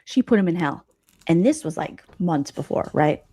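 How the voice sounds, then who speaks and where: Animated woman telling mocking gossip. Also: lowish voice, normal speed, slightly rough. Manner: mocking, animated, puts on voices for quotes. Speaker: livestream host. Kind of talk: gossipy comedic storytelling.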